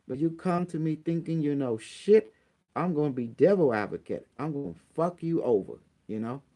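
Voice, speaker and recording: A man's voice: a little high, animated, moderate pace, mellow. A man with non-native grammar ranting bluntly and profanely as a channel host. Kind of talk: casual rant on a phone call.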